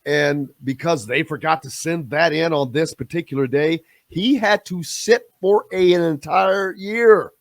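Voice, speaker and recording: A man's voice: on the high side, a little slow, few pauses, dry recording. A male sports radio host speaking emphatically and jumping in to disagree.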